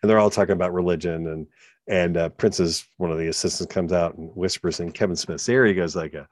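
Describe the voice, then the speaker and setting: A man's voice: low voice, steady tone, brisk, dry recording. A man rambling through a secondhand story in casual chat, stumbling and restarting, swearing now and then.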